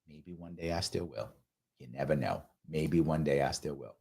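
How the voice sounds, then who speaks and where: Animated male host reading viewer comments. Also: deep voice, takes it slowly, vocal fry, long pauses. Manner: animated, emphatic, repeats phrases for emphasis; does mocking voices of opponents. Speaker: host of a live ask-me-anything show.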